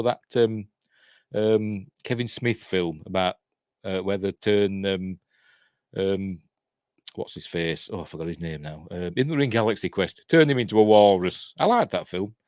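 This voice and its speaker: Chatty Yorkshire man, low animated voice. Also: no echo, clean studio sound. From Yorkshire, England. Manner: chatty, rambling, self-deprecating, reads chat aloud. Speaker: host. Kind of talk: casual livestream chat.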